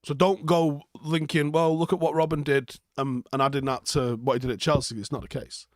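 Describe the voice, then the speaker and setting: A man's voice: a little high, level tone, a little fast, no echo, studio quality. A young man, hosting a live football reaction stream, reading viewer comments and answering them bluntly with plenty of swearing and sarcasm.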